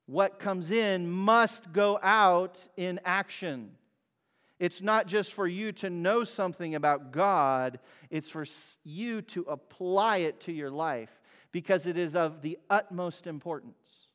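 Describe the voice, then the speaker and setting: A man preaching a sermon as pastor, emphatic and swinging from loud cries to quiet words. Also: high voice, slow pace. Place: church hall. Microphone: mic over speakers. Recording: long reverb of a hall.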